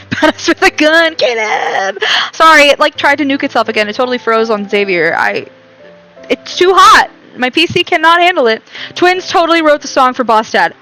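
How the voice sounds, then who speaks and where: A woman's voice: sits high, pushed and bright, poor audio. A woman live streaming from her home computer, chatting casually with her viewers in a bubbly, giggly, self-deprecating way.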